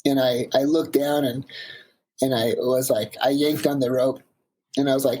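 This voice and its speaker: A man in his thirties tells a climbing story with animated emphasis. His voice is husky, at an ordinary middle pitch. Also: normal speed, poor audio. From Washington State, USA. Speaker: guest, climber. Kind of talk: casual storytelling interview.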